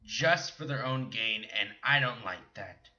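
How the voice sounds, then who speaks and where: A young man ranting angrily in a gaming commentary vlog, profane and mocking, sometimes shouting. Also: medium pitch, lively intonation, measured pace. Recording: dull lo-fi recording.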